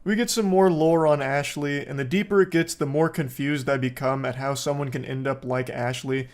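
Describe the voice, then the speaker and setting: A man's voice: mid-range voice, fairly even intonation, normal speed. A man giving sarcastic, joking commentary on a video clip, swearing and laughing as he goes. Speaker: reaction commentator. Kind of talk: casual commentary.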